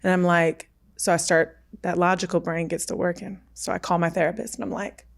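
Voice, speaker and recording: A woman's voice: fairly low pitch, little pitch movement, fairly quick, gravelly. A woman in her thirties telling a candid personal story on a podcast, emphatic, acting out what others said. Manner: emphatic, acts out quoted dialogue. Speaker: podcast guest.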